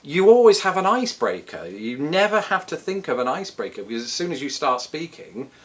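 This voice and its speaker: A man's voice: on the high side, big pitch swings, a little fast, fairly bright tone. A British man with a British accent, chatting casually to camera as he answers viewer questions with joking, self-deprecating asides. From Britain.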